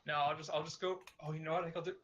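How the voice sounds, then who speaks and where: A man's voice: fairly high pitch, flat delivery, very fast, fairly bright tone, muffled recording. A man playing a tabletop game over an online call, describing his moves hesitantly with many fillers. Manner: hesitant, lots of likes and ums.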